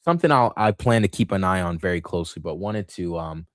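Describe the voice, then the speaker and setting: Man, very deep voice, dry close sound, rambling livestream market commentary, hiccups. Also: lively intonation, fast, no room sound. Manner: rambling, thinks aloud with many fillers and restarts. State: has the hiccups. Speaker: livestream host.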